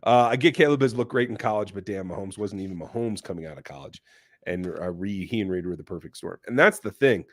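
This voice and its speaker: A man's voice: low voice, fast, no room sound. Male sports talk host, opinionated and blunt, dry close sound. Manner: blunt, opinionated, reads viewer questions. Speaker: podcast host. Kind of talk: casual sports chat reading live chat.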